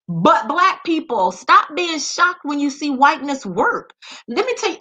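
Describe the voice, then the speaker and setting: A woman's voice: high voice, pushed and bright. A woman giving impassioned social commentary, talking straight to her audience with emphatic repetition and rhetorical questions. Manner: direct address to the audience.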